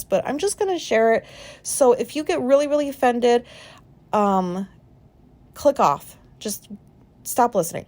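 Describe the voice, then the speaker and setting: A woman in her forties, hosting a podcast and talking through an embarrassing memory in a candid, rambling way, self-conscious and quick to swear. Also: on the high side, big pitch swings, a little mellow. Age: 40s. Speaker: podcast host. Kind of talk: candid personal monologue.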